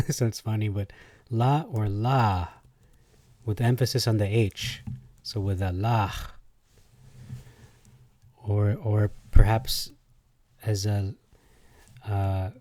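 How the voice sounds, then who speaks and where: Male explainer, unhurried and hesitant, warm low-key tone, dry close sound, trying out pronunciations aloud. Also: no room sound. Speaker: video creator explaining biblical pronunciation. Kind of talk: casual spoken explainer.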